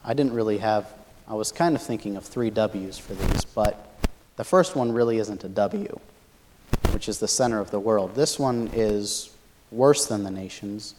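Male Bible teacher, lowish voice, thoughtful lecturer who hesitates as he explains. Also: background noise. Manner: thoughtful, many fillers and restarts, explanatory.

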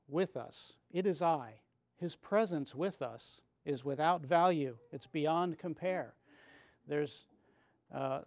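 A man giving a measured, reflective Bible teaching, reading scripture aloud and pausing with small restarts as he explains. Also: a little high, a little mellow, no room sound.

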